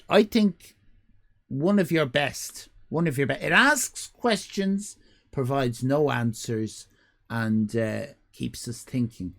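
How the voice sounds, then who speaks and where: A man's voice: mid-range voice, vocal fry. A man hosting a live stream, rambling in casual commentary with mock-serious absurd humor. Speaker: livestream host.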